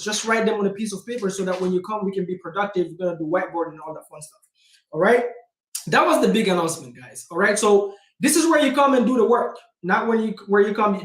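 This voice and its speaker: Man, high voice, punchy motivational vlogger, roomy echoey sound. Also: fast. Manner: energetic, direct, keeps calling viewers 'guys'. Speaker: real estate investor and channel host. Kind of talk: casual motivational vlog talk. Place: indoor room with a self-made backdrop.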